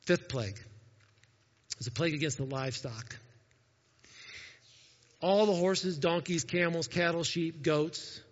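Male pastor, upbeat and jokey in the pulpit, dull lo-fi sound. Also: medium pitch. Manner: animated, jokey, talks straight to the congregation. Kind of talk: sermon. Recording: echoey hall, dull lo-fi sound.

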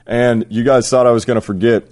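A man's voice: medium pitch, little pitch movement, a little fast, a little mellow. A man hosting a casual sports podcast, joking and swearing freely with his co-hosts. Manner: profane, joking. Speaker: podcast host.

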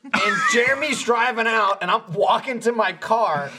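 A high-voiced man co-hosts a casual podcast chat at normal speed, telling stories with animation and acting out what people said.

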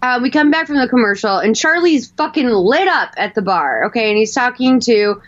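A woman hosting a podcast, recapping a movie in casual chat, animated and full of swearing. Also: fairly high pitch, brisk, lo-fi sound. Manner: animated, swears a lot, acts out characters. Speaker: podcast host.

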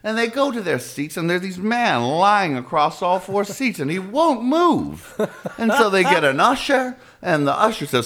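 A man co-hosting a casual chat, telling stories in an animated way and acting out quoted voices. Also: sits high, normal speed.

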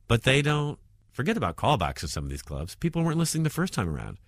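A provocative comedian, a man, talking in an interview. His pitch leaps and drops all over as he jabs and mutters. The recording is close and completely dry. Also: fast talker, no room sound. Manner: provocative, animated, swings between loud jabs and muttered asides. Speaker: stand-up comedian.

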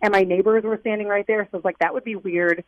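A woman's voice: medium pitch, fairly even intonation, fast, lo-fi sound. A young woman calling in to a radio advice show, flustered and rambling, saying "like" a lot. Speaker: caller. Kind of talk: call-in radio chat.

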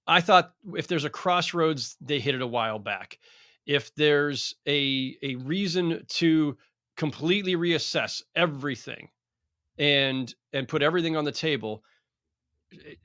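A middle-aged man with a bright, forward voice gives measured, thoughtful answers as a podcast guest. His sound is dry and close, with no room around it. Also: a little high, lively intonation, dry recording. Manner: measured, thoughtful, talks in long considered sentences. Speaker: veteran sports reporter, guest. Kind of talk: casual podcast interview.

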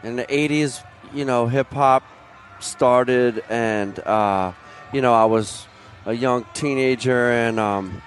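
A man's voice: medium pitch, takes it slowly. A man in his forties from Philadelphia tells loose, rambling stories as a guest on a chat show. His talk is casual and full of fillers, and faint music sits behind him. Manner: rambling storyteller with fillers and laughs.

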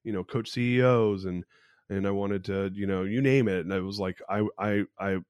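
A man's voice: fairly low pitch, moderate pace, darkish tone, clear, resonant tone, no echo. A man in his forties hosting a podcast alone, telling a personal story in a candid, rambling way, with frequent restarts. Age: 40s. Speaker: podcast host.

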